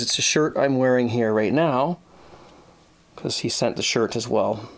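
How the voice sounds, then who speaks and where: A man hosting a casual homebrewing vlog, talking in a halting way with many restarts and plenty of thanks. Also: mid-range voice, animated. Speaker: homebrewing vlogger.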